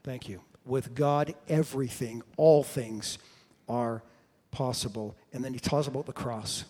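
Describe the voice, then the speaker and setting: A man preaching a sermon, retelling stories and acting out the people in them, now and then breaking into a shout. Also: mid-range voice, steady tone, a little slow. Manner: storytelling, acts out quoted voices with sudden shouts. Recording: long hall reverb.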